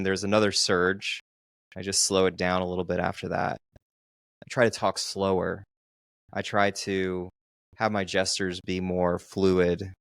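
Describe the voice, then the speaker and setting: A man co-hosts a casual podcast, talking in slow, deliberate stretches and often restarting his sentences. His voice sits low with a gravelly edge. The sound is close and dry. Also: fairly bright tone, no room sound. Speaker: podcast co-host, dating coach.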